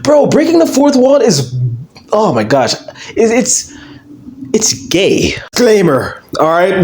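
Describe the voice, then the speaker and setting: A man's voice: sits high, big pitch swings, slow pace, darkish tone. A young man ranting about wrestling to camera in a brash, profane, mocking way, often trailing off with fillers. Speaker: wrestling commentary YouTuber. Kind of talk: casual ranting monologue to camera.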